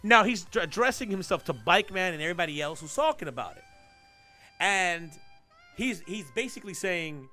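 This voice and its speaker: A man with a high, bright voice that swings widely up and down, hosting a casual podcast he streams live. He rambles and swears as he tells the story, with faint music under him. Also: moderate pace. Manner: profane, rambling, animated storytelling. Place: home streaming setup. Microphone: desk mic while streaming live.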